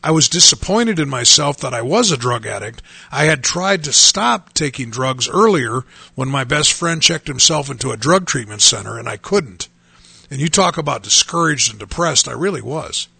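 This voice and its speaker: A man's voice: mid-range voice, expressive, moderate pace, vocal fry, pushed and bright, breathy edge, no room sound. A man in his fifties, a pastor and radio host, preaching a testimony in an earnest, emphatic way, repeating phrases for stress. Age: 50s.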